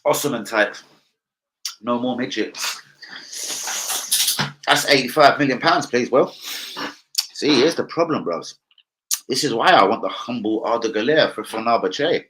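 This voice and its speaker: A young man hosts a casual live football chat. He is brash and jokey and swears freely. He swings between loud outbursts and low, muttered asides. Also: lively intonation, measured pace, long pauses, background noise. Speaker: livestream host.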